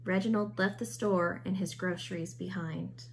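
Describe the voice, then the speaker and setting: A woman teacher reading a picture book aloud with expressive storytelling. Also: fairly low pitch, normal speed, vocal fry, few pauses, slight background noise.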